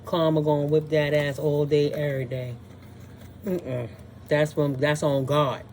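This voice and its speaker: A woman's voice: sits low, level tone, measured pace, a little mellow, slight background noise. A woman doing a casual spiritual tarot reading, sassy and blunt, scolding with profanity and frequent laughs. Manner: scolding, dismissive. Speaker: tarot reader.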